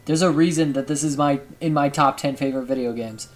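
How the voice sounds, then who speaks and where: A man hosts a let's play and reacts aloud to the game. He stretches his words out slowly and sounds moved. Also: medium pitch, faint music behind, rough recording. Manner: emotional, drawn-out, slow reactions. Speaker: gaming channel host.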